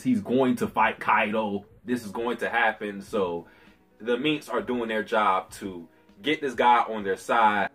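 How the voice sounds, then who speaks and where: A man with a husky voice reviewing anime chapters in a casual vlog, animated, slangy and profane. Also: mid-range voice.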